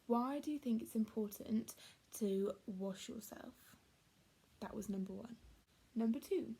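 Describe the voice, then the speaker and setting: A woman teacher with an English accent, reading a picture book aloud to young children in a clear, gentle storytelling manner. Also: on the high side. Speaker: primary school teacher.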